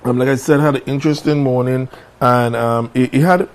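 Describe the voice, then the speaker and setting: A man's voice: medium pitch, steady tone, fairly quick. A man hosting a morning talk show, chatting casually, repeating phrases and letting them trail off.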